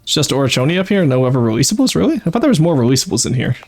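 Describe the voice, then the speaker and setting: A man's voice: medium pitch, very animated, very fast, faint music behind. Man thinking aloud over a game. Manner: thinking aloud, explaining tactics with frequent fillers. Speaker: streamer playing a strategy game. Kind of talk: casual live-stream commentary.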